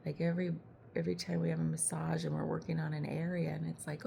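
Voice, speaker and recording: A woman's voice: low-pitched, little pitch movement, fast, gravelly, mellow, a little hiss or hum. A woman in her late forties, a body worker, telling a chatty, laughing story in a casual monologue and acting out the lines people said. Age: 40s. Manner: chatty, laughs often, acts out quoted lines. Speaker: body worker and podcast host.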